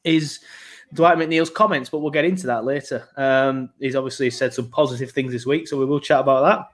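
A man's voice: mid-range voice, steady tone, brisk. A man hosting a football podcast, talking casually and rambling with plenty of fillers. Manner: chatty, rambling, lots of fillers. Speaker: podcast host.

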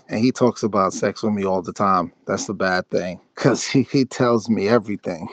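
A man with a gravelly, rough-edged voice talks easily as a podcast guest, relaxed and slangy with frequent laughs. The sound is dry and close, on somewhat dull, lo-fi audio. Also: fairly low pitch, dry recording. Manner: laid-back, laughs often, slangy storytelling. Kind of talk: casual chat.

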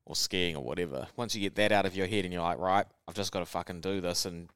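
A man's voice: sits low, fast, fairly bright tone, clean tone, no echo. A young man with a New Zealand accent, co-hosting a podcast in laid-back, joking casual chat and swearing casually. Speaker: podcast co-host.

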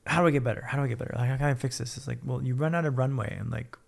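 A man's voice: mid-range voice, racing, gravelly. A man telling his own story as a podcast guest, blunt and upbeat, swearing freely. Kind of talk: casual candid storytelling.

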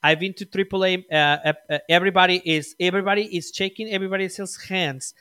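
A man chatting excitedly on a podcast, stammering and restarting his sentences. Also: sits high, quick pace, smooth, no echo, clean studio sound. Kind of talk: casual chat.

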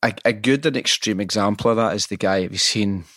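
A man hosting a casual interview, telling stories in an animated, sweary way. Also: on the low side, a little fast, no room sound, studio quality. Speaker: podcast host.

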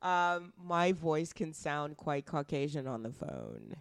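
A woman from Canada co-hosting a podcast, chatting in a blunt, outspoken and animated way. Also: low-pitched, slow, creaky, no room sound. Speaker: podcast co-host. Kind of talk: casual chat.

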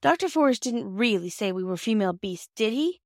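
A woman's voice: medium pitch, lively intonation, fairly quick, dry recording, studio quality, voice pushed up, lightly acted. A woman reading a classic children's storybook aloud and voicing a hot-tempered little girl who flares up indignantly. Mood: doubtful.

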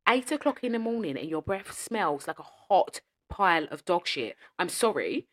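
A woman's voice: lowish voice, sing-song, moderate pace, hardly any pauses, fairly bright tone. A woman co-hosting a podcast, ranting and swearing freely in casual chat. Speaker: podcast co-host.

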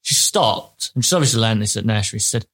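A man's voice: lowish voice, lively intonation, quick pace, a bit bright, husky. An English man co-hosting a podcast, telling rambling anecdotes in casual chat and laughing along. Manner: rambling storyteller, laughs at his own tales. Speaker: podcast co-host.

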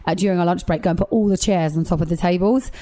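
A woman, a guest chatting casually and telling lively stories with quick asides. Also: fairly low pitch. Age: 30s. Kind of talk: casual chat.

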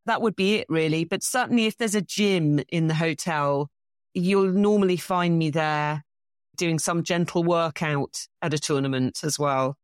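A middle-aged English woman, a bridge champion being interviewed, telling self-deprecating stories in a casual, animated way. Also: sits low, moderate pace, no room sound, clean studio sound. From England.

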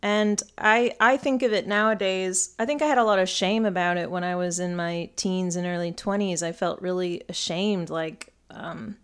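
A woman's voice: lowish voice, fairly even intonation, normal speed, few pauses, clear, resonant tone. A woman from northern England who speaks with an American accent, talking in a chatty, rambling podcast monologue full of ums. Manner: chatty, rambling, frequent ums and light laughs. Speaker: astrologer and podcast host. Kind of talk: casual solo podcast talk.

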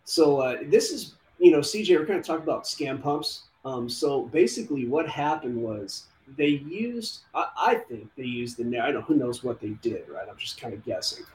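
Male host, energetic, rambling chart talk; roomy room, faint hiss. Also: mid-range voice, moderate pace, few pauses. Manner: energetic, rambling, thinks aloud over charts. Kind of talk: casual market talk show. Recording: roomy with faint background noise.

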